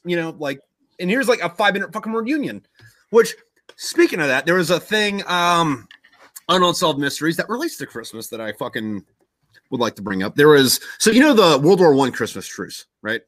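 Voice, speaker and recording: A young man tells a story in casual podcast chat, rambling and swearing at every turn. His voice sits a little high and sounds bright and forceful. The sound is dry and close. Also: very animated, normal speed, no echo. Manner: rambling, swears constantly, acts out quotes loosely.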